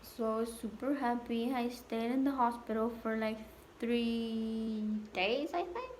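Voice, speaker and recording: A young adult woman telling a casual storytime vlog, halting and repetitive with many fillers. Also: a little high, a little mellow, slight background noise. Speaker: vlogger.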